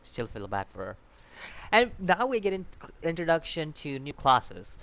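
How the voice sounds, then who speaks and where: A man's voice: fairly high pitch, big pitch swings, measured pace, gravelly, fairly bright tone. Rambling, laughing man reviewing anime. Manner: rambling, laughing often, swearing, restarts sentences. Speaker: anime reviewer, channel host. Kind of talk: casual video review.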